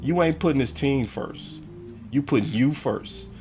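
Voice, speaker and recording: A man's voice: mid-range voice, measured pace, a little mellow, faint music behind. A man hosting a live sports stream, reacting to articles and clips in a heated, slangy rant. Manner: reads articles aloud on stream. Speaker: sports channel host.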